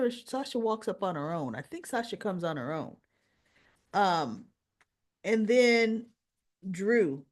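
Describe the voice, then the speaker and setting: A woman's voice: mid-range voice, darkish tone. A woman reviewer giving a casual, opinionated recap and acting out the lines she quotes. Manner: chatty, opinionated, acts out quotes. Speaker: soap opera reviewer.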